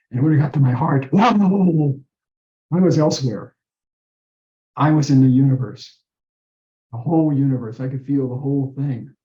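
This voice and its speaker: A man earnestly telling a personal story in an interview, acting out the voices he quotes. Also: medium pitch. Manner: earnest, animated retelling with quoted dialogue. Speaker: guest telling his story. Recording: roomy dull-sounding recording.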